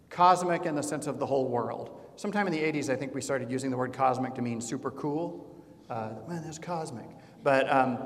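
A man's voice: mid-range voice, vocal fry, in a large hall. A man giving a conversational classroom lecture, digressive and full of fillers, showing slides as he goes.

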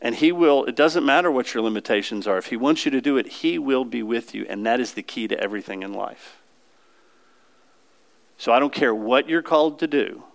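A man's voice: medium pitch, expressive, brisk, vocal fry. A man preaching a sermon in a conversational way, often asking the congregation questions.

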